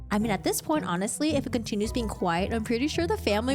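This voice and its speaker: A woman recapping a fantasy novel in a chatty, animated way, interrupting herself and laughing often. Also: medium pitch, rapid-fire, few pauses, faint music behind. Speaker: streamer recapping a book. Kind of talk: casual book recap.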